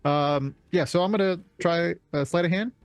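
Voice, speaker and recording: A man's voice: fairly high pitch, normal speed, smooth, dry recording, faint music behind. A man playing a tabletop game, chatting loosely about his character's moves. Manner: loose, chatty, with fillers and laughs. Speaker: player. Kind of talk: casual play at a tabletop game.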